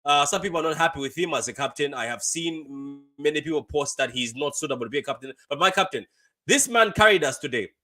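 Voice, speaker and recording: A young man hosting a casual live football reaction stream, chatty and quick to laugh, reading viewer comments aloud and repeating his phrases. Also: on the high side, expressive, pushed and bright. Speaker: fan channel host.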